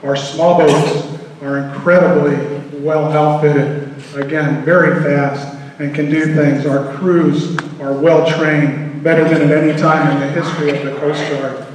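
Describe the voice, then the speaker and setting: A man, a Coast Guard officer, giving an earnest, measured speech to a public meeting. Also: on the high side, little pitch movement, darkish tone, slight background noise. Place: large hall at a public meeting. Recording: echoey hall from far off.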